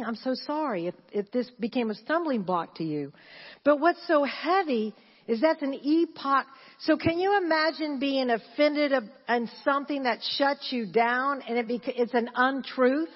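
Woman pastor in her sixties, fairly high voice, lively, chanting preacher; dull mic, hall reverb. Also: a little slow, breathy edge. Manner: animated, laughing, repeats phrases, chants. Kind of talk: sermon. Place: church.

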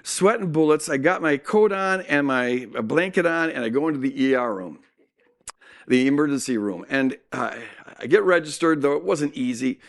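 Guy preaching through a personal story, kinda gravelly, pitch sits a bit high. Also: normal speed. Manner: animated storytelling with acted-out quotes. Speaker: speaker.

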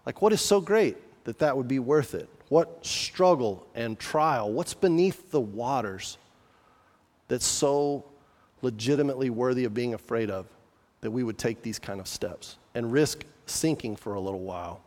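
Male pastor, middle pitch, chatty but earnest sermon delivery, long hall reverb. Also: animated, moderate pace, darkish tone. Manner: conversational, earnest, asks the listeners questions.

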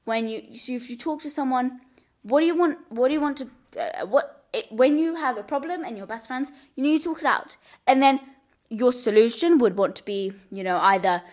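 Young female podcast host, slightly high voice, earnest chatty advice, lots of restarts. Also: moderate pace, a little mellow. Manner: earnest, chatty, many restarts and repeated words. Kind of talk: casual advice chat.

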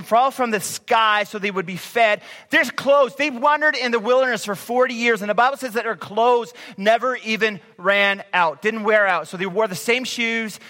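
High bright-voiced male preacher in a hall. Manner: animated, acts out complaining voices. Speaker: pastor. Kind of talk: sermon. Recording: reverberant hall.

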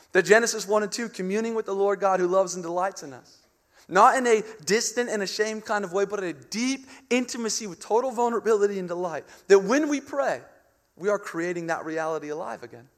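A young man preaching with a high voice that rings out through a large hall with a long reverb. He swings between loud, urgent calls and hushed, intimate passages. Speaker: pastor. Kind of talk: sermon.

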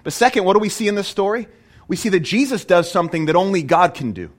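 A man preaching a sermon in a fairly high voice that rises and falls widely. He talks in an animated way and keeps putting questions to his listeners. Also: fast. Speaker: pastor.

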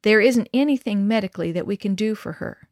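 A hospital doctor gives bad news slowly and soberly in a storybook reading, as a woman puts him on. His voice stays near the reader's middle pitch. The sound is dry, with no echo. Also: a little mellow, close to an everyday voice. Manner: slow, sober, frank.

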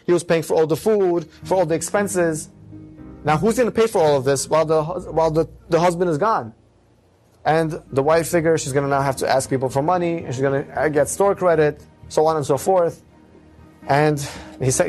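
A man telling a moral story with dramatic delivery, swinging his pace and pitch. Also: darkish tone.

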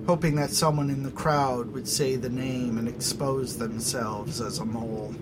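A man narrating a fantasy story in a measured, even storytelling manner. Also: medium pitch, background noise. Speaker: audiobook narrator.

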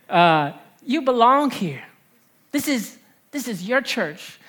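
Woman preacher in her thirties, New Jersey accent, a bit high-pitched, lively call-and-response sermon. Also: slightly rough. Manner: lively preaching with call-and-response, quick laughs and repeated phrases. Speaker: pastor.

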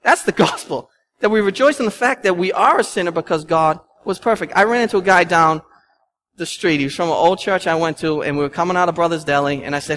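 A man preaching a sermon as pastor, talking in a conversational, animated way and telling stories with laughs. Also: a little high, fast talker. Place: church sanctuary.

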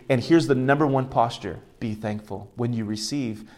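Pastor, man in his 30s, mid-pitched, repeats lines and builds to loud emphasis. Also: moderate pace. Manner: repeats key phrases for emphasis. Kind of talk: sermon.

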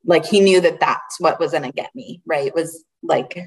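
Low-voiced woman, halting and earnest. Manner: earnest, halting, with frequent restarts. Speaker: interview guest. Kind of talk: personal storytelling in an interview. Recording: voice a little far from the mic.

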